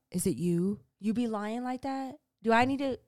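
A woman co-hosting a podcast in a casual chat, expressive and teasing, swearing freely as she reacts. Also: fairly high pitch, a little slow, dry recording, clean studio sound. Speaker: podcast co-host.

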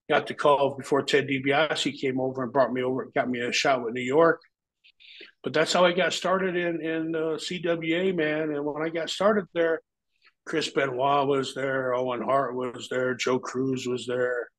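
A man with a gravelly, mid-pitched voice tells stories in a relaxed interview. He talks loosely and profanely, tossing in "man" often. He slips into other people's voices when he quotes them. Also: low-quality recording. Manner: animated, acts out quoted voices; profane, laid-back, says "man" often. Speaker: interview guest. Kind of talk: casual storytelling.

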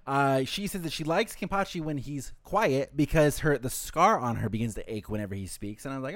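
A man's voice: mid-range voice, fairly bright tone, no room sound. Profane, casual male podcast co-host. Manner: casual, profane, acts out characters in quick impressions. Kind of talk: casual anime rewatch podcast chat.

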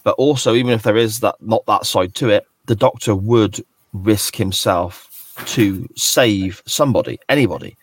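A man co-hosting a podcast, talking casually and thoughtfully about an episode, often pausing mid-phrase. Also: lowish voice, slightly rough, no room sound. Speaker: podcast co-host. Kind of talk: casual chat reviewing an episode.

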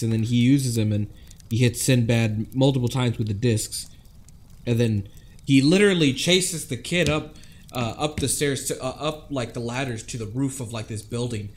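A man's voice: moderate pace, a little mellow. A man co-hosting a podcast, playfully retelling a film plot and laughing often. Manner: playful, laughs often, slips into squeaky joke voices. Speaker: podcast co-host. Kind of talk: casual movie review chat.

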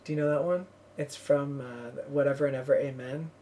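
This podcast host has a very deep, dark, steady voice and talks briskly. Her casual conversation drifts through rambling anecdotes heavy with "like" and other filler words.

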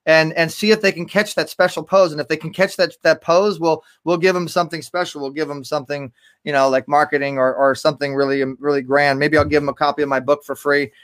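A man's voice: on the high side, fairly even intonation, quick pace, a bit bright. A man speaking as a guest on a live stream, enthusiastic and repeating words as he goes. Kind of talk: casual live-stream talk.

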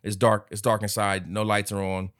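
Man, low voice, casual podcast co-host, animated movie recap. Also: normal speed. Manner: animated retelling with acted-out character quotes. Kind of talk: casual movie review chat.

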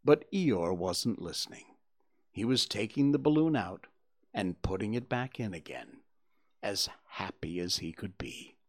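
A man narrating a storybook in a gentle storytelling manner. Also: fairly low pitch, animated, unhurried. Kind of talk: storybook reading.

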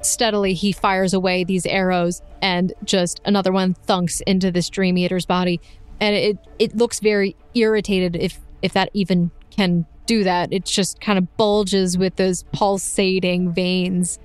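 A woman narrating as game master of a tabletop game, lively and playful, often laughing. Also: fairly low pitch, a little slow, clear, resonant tone, no room sound, soft background music.

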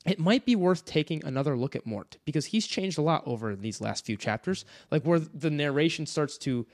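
An American man with a slightly higher than usual voice talks about a book he loves with eager, gushing energy. He reads passages aloud and keeps breaking into laughter. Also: lively intonation, a little fast. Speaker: podcast co-host. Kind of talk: casual book discussion, reading passages aloud.

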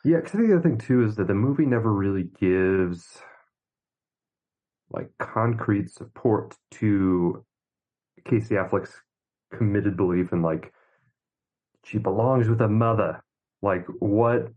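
A man co-hosting a podcast, chatting about a film in a relaxed, wry way. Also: lowish voice, unhurried, pauses often, narrow, tinny audio. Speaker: podcast co-host. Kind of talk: casual film discussion.

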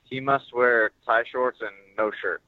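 A man guesting on a podcast as a fighter, joking around with a slightly halting delivery. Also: mid-range voice, fairly even intonation, no room sound, narrow, tinny audio. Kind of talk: casual chat.

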